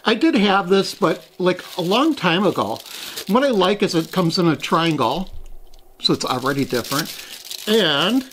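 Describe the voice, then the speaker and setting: A man's voice: high-pitched, lively intonation, normal speed, a bit bright, slight background noise. A man hosting a casual taste-test vlog, talking in a chatty, rambling way and poking fun at himself. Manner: chatty, rambling, self-deprecating. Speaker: host.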